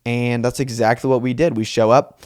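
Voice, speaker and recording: A man's voice: medium pitch, fairly even intonation, moderate pace, darkish tone, no room sound, clean studio sound. A man in his twenties hosting a solo comedy podcast, telling a rambling, self-mocking story with lots of asides. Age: 20s. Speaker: podcast host.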